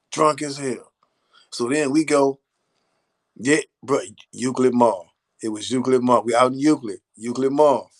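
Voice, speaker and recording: A man recounting a wild night in a loose, unhurried way, swearing freely and chuckling through it. His voice sits at an average pitch for a man. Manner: laid-back, profane, laughing. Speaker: storyteller. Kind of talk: casual storytelling.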